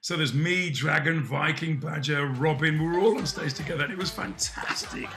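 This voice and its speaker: A man in his sixties, a chat show guest telling stories in an animated way. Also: on the high side, normal speed. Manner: lively storyteller, mimics voices and laughs often.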